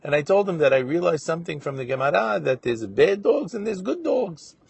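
A man's voice: fairly high pitch, very animated, creaky, a little mellow, husky, far from the mic, voice pushed up, heavily acted. A man voicing a humble father collecting money for his daughter's wedding, who stumbles and repeats words as he explains. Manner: halting, repeats himself. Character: humble male fundraiser, father of a bride.

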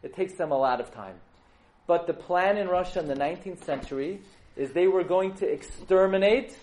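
A man giving a storytelling sermon to a live audience, animated and jokey, often putting questions to the listeners. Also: high voice, a little fast, poor audio.

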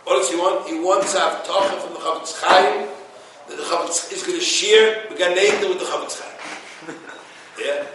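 A rabbi giving a Torah class to a room of listeners, telling stories with quoted dialogue and sprinkling in Yiddish words. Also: male voice, high-pitched, fairly even intonation, moderate pace, background noise. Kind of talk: Torah class before a live audience. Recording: echoey room from a distance.

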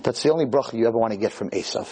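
A man giving a lively Torah sermon to a class of girls, telling stories and acting out the dialogues, in a room with a live audience. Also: mid-range voice, racing, husky. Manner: animated, storytelling, acts out dialogues. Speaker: Torah lecturer.

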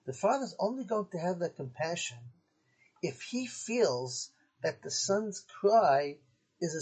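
A man's voice: on the high side, a little mellow, breathy edge, poor audio. A male rabbi giving a sermon, telling a parable and voicing its characters along the way. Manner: acts out dialogue between father and son in the story. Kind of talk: sermon with storytelling.

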